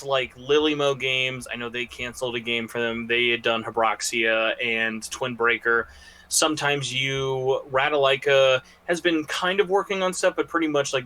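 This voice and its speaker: A man's voice: medium pitch, sharp tone. A man appearing as a podcast guest, chatting casually in a rambling, joking way with lots of fillers.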